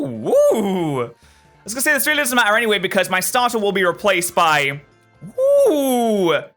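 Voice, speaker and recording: An excitable young man hosting a gameplay video, talking to the game and cracking jokes as he goes. His pitch jumps around a lot and his tone is bright. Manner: excitable, jokey, talks to the game. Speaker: let's play host. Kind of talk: gameplay commentary.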